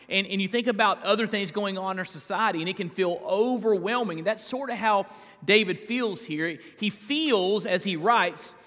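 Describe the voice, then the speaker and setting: A man preaching a live evening sermon in a church, his voice sitting a little higher than most men's. He talks in an easygoing, conversational way, stopping to restart phrases and filling gaps with "uh." The sound carries a long reverb from the hall. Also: fairly bright tone. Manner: conversational, with frequent fillers and restarts. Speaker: senior pastor. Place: church sanctuary.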